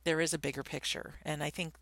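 Low, gravelly woman host. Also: little pitch movement, fast, fairly bright tone, no echo. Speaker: radio show host. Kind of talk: casual interview.

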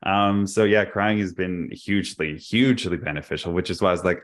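A man co-hosting a podcast, talking candidly and reflectively in casual chat. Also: low-pitched. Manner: candid, reflective, quick to laugh. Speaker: podcast co-host.

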